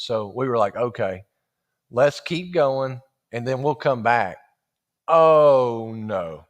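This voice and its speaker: Middle-aged man, casual sermon storyteller, animated, laughs a lot. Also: medium pitch. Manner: animated, acts out quoted voices, laughs often. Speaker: church speaker telling a personal story.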